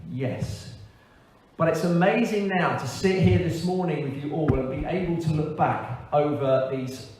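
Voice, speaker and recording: A man, a pastor, giving a frank, earnest testimony in a church service, with pauses and hesitations. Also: a little high, a little mellow. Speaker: church pastor on leave, interviewee. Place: large echoey church hall. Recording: echoey hall, distant mic, faint ambience.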